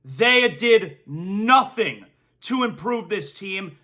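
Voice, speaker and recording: A man's voice: high voice, expressive, slow, pushed and bright. A man hosting a sports talk show, ranting emphatically and repeating his punchlines for effect. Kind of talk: opinionated sports talk monologue.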